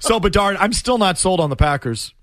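A man's voice: high voice, brisk, no room sound. A man hosting a sports talk show, ranting in an emphatic, exasperated way. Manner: animated, emphatic, exasperated rants.

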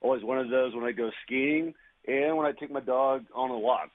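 A man's voice: medium pitch, moderate pace, no room sound. A man calling in to a radio show for the first time. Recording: tinny phone line.

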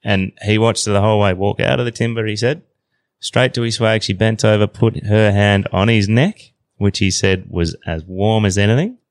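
A man in his thirties with an Australian accent, telling a story as a podcast guest in a relaxed, slangy way. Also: lowish voice, moderate pace, no echo. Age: 30s. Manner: relaxed yarn-spinning, slangy. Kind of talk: casual storytelling.

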